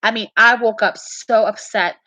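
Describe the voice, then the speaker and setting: Emphatic woman with a bright, tense voice. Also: fairly high pitch, fairly even intonation, moderate pace, no echo, poor audio. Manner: emphatic, repeats herself, restarts often. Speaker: fan sharing beliefs and dreams. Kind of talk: casual earnest talk.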